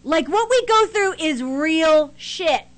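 A woman from Delaware County co-hosts a loose chat show and tells stories with lively, salty energy. Her voice sits very high for a woman, and she talks quickly and casually. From Delaware County, Pennsylvania. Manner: animated, swearing, quick storytelling. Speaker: co-host.

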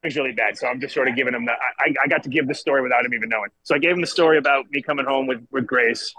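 Host, man from Rhode Island, rambling profane storyteller, bright forceful voice, dry sound. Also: medium pitch, racing, no echo, poor audio. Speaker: podcast host. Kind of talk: casual chat, storytelling. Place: cannabis club lounge. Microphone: camera on a video call.

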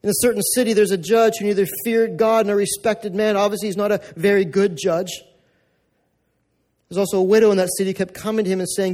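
High-voiced pastor preaching. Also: male voice, level tone, quick pace, darkish tone. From North America. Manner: conversational, repetitive, emphatic. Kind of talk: sermon.

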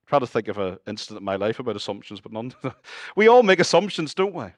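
A man with a Northern Irish accent preaching a sermon as pastor, moving between lively humorous asides and hushed, earnest appeals to his listeners. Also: medium pitch, fast, dry recording, clean studio sound. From Northern Ireland.

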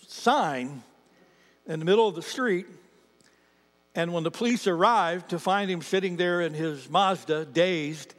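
A high-pitched male pastor preaching from a church stage, telling stories with animation. His voice rings out with a long reverb trailing through the sanctuary. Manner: animated storyteller, quotes others in his own voice. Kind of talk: sermon with storytelling.

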